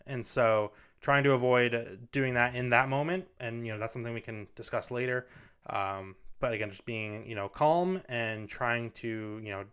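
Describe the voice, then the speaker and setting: A parenting video host speaks at a studio microphone, standing in front of it. His medium-pitched voice is clear, resonant and a bit bright as he offers casual advice, earnest and rambling, dotted with "you know"s.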